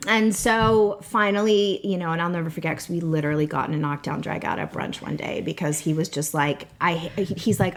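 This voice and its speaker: A woman's voice: on the low side, fairly even intonation, brisk, hardly any pauses, a little hiss or hum. A woman in her thirties, a podcast guest telling her own story in a talkative way, full of fillers and close to tears at times. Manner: talkative, many "like" and "you know" fillers, tearful at times. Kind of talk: emotional personal storytelling.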